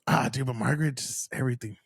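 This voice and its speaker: A man's voice: medium pitch, quick pace, gravelly, husky, no echo. A man hosting a casual podcast, rambling with lots of fillers and swearing freely. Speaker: podcast host.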